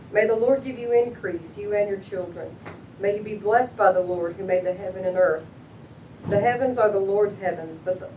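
A woman reading scripture aloud with an earnest, steady delivery during a church service. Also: medium pitch, distant mic, a little hiss or hum. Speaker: scripture reader. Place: church sanctuary. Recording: roomy church hall, away from mic.

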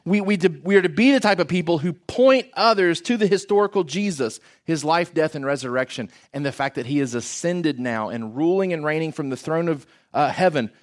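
A man's voice: a little high, lively intonation, brisk, few pauses. A man preaching a sermon in an earnest, emphatic way, often asking rhetorical questions.

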